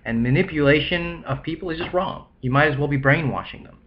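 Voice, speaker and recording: A man's voice: fairly high pitch, fairly quick, lo-fi sound, a little hiss or hum. A young man talking casually to camera, rambling with many restarts and acting out the people he quotes. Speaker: vlogger. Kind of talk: casual monologue.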